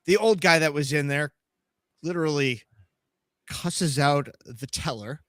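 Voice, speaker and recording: A man hosting a live podcast, telling a trip story in a profane, animated way and acting out the other people's voices. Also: on the high side, unhurried, no echo, clean studio sound. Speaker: podcast host.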